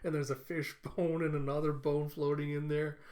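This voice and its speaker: Casting: chatty, amused male reviewer with a higher-pitched voice. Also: level tone, moderate pace, darkish tone. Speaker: anime reviewer. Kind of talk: casual reaction recap.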